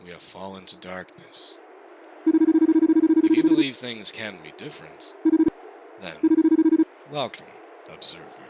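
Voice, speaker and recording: A man's voice: on the low side, huge pitch swings, slow, long pauses, a little mellow, soft background music, pitched above the performer's own voice, exaggerated voice, low-quality recording. A man voicing a solemn, ominous unseen entity that intones its words.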